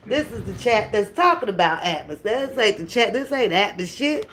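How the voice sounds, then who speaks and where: A woman's voice: mid-range voice, big pitch swings, moderate pace, hardly any pauses, fairly bright tone. A woman hosting a casual livestream reaction chat, laughing often, profane, calling her viewers y'all. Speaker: livestream host.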